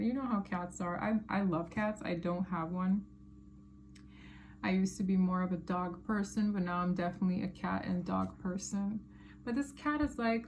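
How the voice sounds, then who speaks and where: A woman's voice: medium pitch, moderate pace, a little hiss or hum. A woman giving a casual tarot reading to her viewers, chatty and emphatic, with slangy asides. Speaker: tarot reader.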